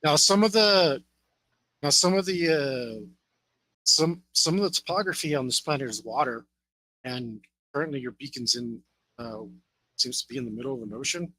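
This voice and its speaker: A man running a tabletop role-playing game, describing scenes in a loose, unhurried way with many fillers. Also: on the high side, pushed and bright, no echo, low-quality recording. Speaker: game master.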